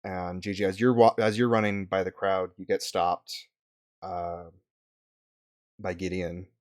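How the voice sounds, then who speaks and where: A man narrating as game master, halting with many fillers and swears. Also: sits low, little pitch movement, darkish tone.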